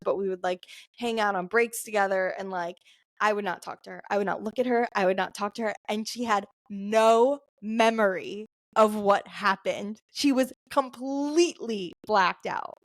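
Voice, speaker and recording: A woman's voice: mid-range voice, steady tone, normal speed, no echo, clean studio sound. Chatty young woman telling a story. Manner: chatty, lots of "like" fillers, laughs often. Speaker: podcast co-host. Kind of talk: casual storytelling chat.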